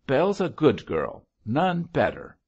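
Gruff husky innkeeper guy, as a narrator puts him on, hot-tempered, lively pitch, kinda muffled old-style audio. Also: unhurried, full character voice. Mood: angry.

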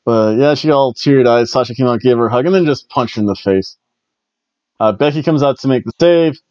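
A man's voice: mid-range voice, brisk, a little mellow, no room sound, muffled recording. A man hosting a casual solo wrestling review, chatty and rambling, often stumbling and restarting his words. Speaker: wrestling show reviewer, host.

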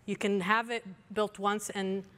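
A woman's voice: mid-range voice, flat delivery, a bit bright. Eager woman presenting in a reverberant hall. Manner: eager, quick, enthusiastic. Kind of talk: conference demo talk. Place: conference stage.

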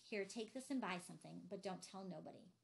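A woman's voice: medium pitch, fairly quick, creaky, close to an everyday voice. Sullen, guarded young man, read by a woman; short clipped slang lines, storybook reading. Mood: tense.

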